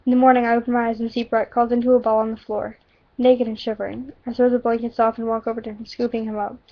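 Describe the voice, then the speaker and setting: Casual woman story reader, high and even-toned; lo-fi home recording. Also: fast talker. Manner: casual asides and self-corrections. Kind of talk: reading a story aloud.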